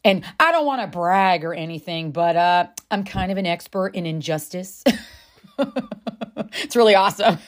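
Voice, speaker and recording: A woman's voice: on the low side, expressive, moderate pace. A woman speaking as a self-help speaker, telling a personal story in a chatty, confiding way. She swears freely and calls the listener "friend.". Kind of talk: candid personal storytelling to camera.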